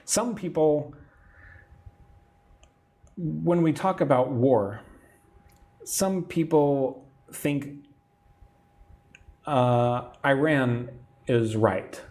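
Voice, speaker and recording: A man's voice: medium pitch, very slow, pauses often, a little mellow. American male English teacher, live-stream lesson, patient explainer, often adds "right?". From Texas, USA. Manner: patient explaining, reads viewer comments aloud, tag "right?" often.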